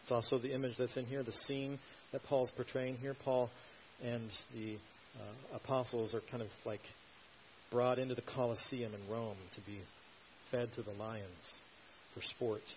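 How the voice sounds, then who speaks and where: A man preaching an expository sermon at a mid pitch, steady and earnest, pressing harder on his key points. The recording sounds a little dull, with a faint hiss underneath. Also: a little slow. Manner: earnest, explanatory, builds emphasis on key points.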